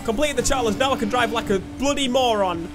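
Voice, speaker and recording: A man's voice: very high voice, quick pace. A young man giving chatty, self-mocking commentary while playing a video game. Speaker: gaming YouTuber. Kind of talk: let's-play commentary. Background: game music.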